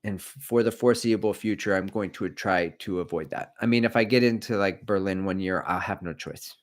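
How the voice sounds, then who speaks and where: A middle-aged man hosts a casual running livestream. His voice sits a little low, and he rambles from topic to topic, cracks dad jokes and reads viewers' comments aloud. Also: brisk. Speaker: running channel host.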